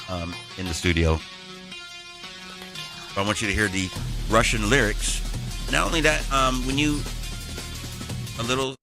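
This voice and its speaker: A man's voice: deep voice, vocal fry. A man, a music producer, giving a loose, digressive tutorial walkthrough.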